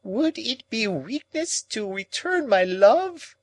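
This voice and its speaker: A man doing a shrill, wailing old woman. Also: big pitch swings, slow, no echo, heavily acted, poor audio. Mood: shrieking. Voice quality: shrill, quavering, moaning. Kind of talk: audiobook character reading.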